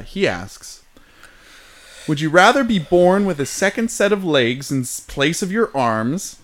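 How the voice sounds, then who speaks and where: A man hosting a casual podcast, joking and rambling as he introduces segments. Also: fairly high pitch. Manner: jokey, rambling. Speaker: podcast host.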